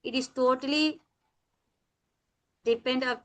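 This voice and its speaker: Teaching English to students over video, a woman uses Indian English sprinkled with Hindi, elongating words slowly. Her voice is high-pitched and steady.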